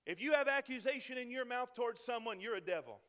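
A male preacher with a strikingly high voice delivers a fervent sermon. He climbs into loud, urgent peaks and then sinks to quiet, intimate lows. His voice rings out with a long echo in a large church hall. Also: lively intonation, quick pace. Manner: impassioned, rising to near-shouting peaks then dropping low.

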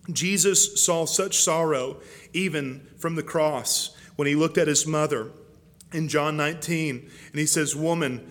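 Earnest, somewhat high-voiced male pastor preaching. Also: a bit bright. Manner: earnest, impassioned preaching with repeated words. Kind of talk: sermon.

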